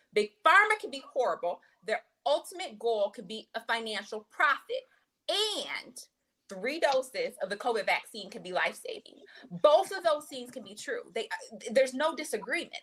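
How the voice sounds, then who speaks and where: A woman's voice: sits high, a bit bright. A woman, a physician guest on a podcast, speaking firmly and assertively as she lays out facts. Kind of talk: podcast discussion.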